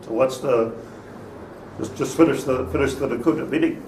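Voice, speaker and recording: Rabbi in an echoey classroom. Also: male voice, medium pitch, normal speed, creaky, a little mellow. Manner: thinks aloud, questions the class, many restarts. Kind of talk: interactive Torah class. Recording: echoey room, far from mic, faint noise.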